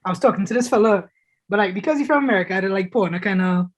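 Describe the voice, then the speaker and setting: A young man from Trinidad with a Trinidadian accent, telling quick stories and laughing in a casual podcast chat. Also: sits high.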